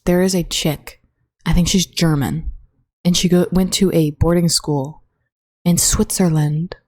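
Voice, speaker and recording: A woman's voice: lowish voice, fairly even intonation, measured pace, darkish tone, no echo. A young woman in college hosting a casual solo podcast, rambling with lots of fillers and swearing, recorded close on her own mic in a dorm room. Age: young adult. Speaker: podcast host.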